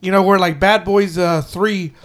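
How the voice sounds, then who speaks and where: A man's voice: sits high, steady tone, normal speed. A man co-hosting a podcast in casual chat, rambling with many restarts and quoting people in put-on voices. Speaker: podcast co-host.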